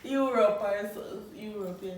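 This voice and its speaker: A woman's voice: mid-range voice, normal speed, a little hiss or hum. A woman chatting with coworkers in a joking, teasing way. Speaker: coworker guest. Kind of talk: casual group chat. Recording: very echoey room from a distance.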